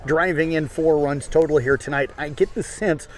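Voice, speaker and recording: A man's voice: on the high side, normal speed. A man, a radio sports reporter, asking folksy postgame questions outdoors at a ballfield.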